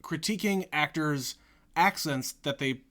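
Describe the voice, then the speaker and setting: A man co-hosts a relaxed movie podcast. He talks in an easygoing way and often chimes in with brief agreement. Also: on the high side, measured pace. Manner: easygoing, many short agreeing replies. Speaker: podcast co-host. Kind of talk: casual movie-discussion chat.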